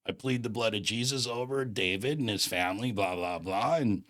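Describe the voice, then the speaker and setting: A man's voice: lowish voice, normal speed, fairly bright tone. A man in his fifties telling a personal story in a casual, slangy, emphatic way, acting out the dialogue. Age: 50s.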